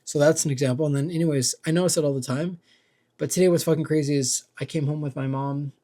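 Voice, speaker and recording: A man's voice: fairly high pitch, fairly even intonation, fast talker, warm tone. A young man ranting casually about his neighbors, rambling and swearing, with "like" and "dude" in every sentence. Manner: rambling, profane, heavy use of "like" and "dude". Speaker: vlogger. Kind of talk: casual rant.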